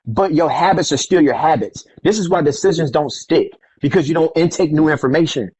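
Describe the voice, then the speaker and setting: A man in relaxed conversation telling stories from his life, acting out what others said, with street slang. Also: on the high side, brisk, breathy edge, no echo, highs cut off. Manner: animated, acts out quoted voices, street slang. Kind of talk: casual storytelling conversation.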